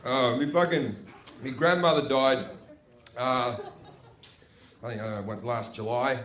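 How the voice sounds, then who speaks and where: A man's voice: mid-range voice, steady tone, a little slow, fairly bright tone. A man with an Australian accent doing a brash, profane stand-up comedy set, chatty and full of tag questions, live on stage at a comedy venue. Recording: echoey noisy live room.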